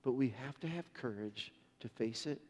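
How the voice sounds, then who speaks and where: A man's voice: medium pitch, normal speed, a little mellow. Earnest male pastor in a reverberant hall. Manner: storytelling, earnest, with many restarts. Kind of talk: sermon.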